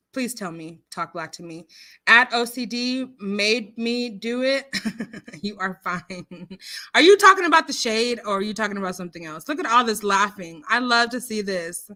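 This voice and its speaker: A woman's voice: fairly high pitch, bright, forceful tone. A woman hosting a casual livestream, reading viewer comments aloud in a chatty, giggly, rambling way with lots of fillers. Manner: talks with her hands. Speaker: livestream host.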